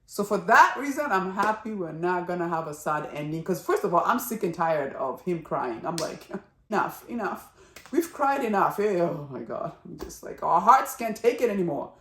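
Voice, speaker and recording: A woman giving a casual spoken review of a drama series, chatty and animated, acting out characters' lines as she goes. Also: fairly low pitch, normal speed, reverberant.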